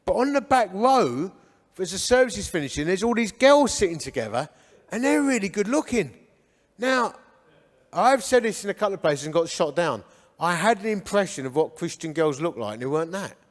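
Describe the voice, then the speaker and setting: Speaking a little fast in a very animated, high-sitting voice, a man from Hornchurch, England, shares his life story as a guest speaker. He plays out the dialogue for laughs, and the church hall around him echoes.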